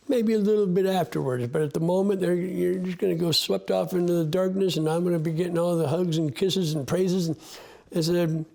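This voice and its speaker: A man's voice: high voice, fairly even intonation, fairly quick, gravelly, darkish tone. A man in an interview, talking about his sled dogs in an earnest, heartfelt way, often restarting his sentences. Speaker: interview guest, sled dog musher. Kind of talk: candid interview talk.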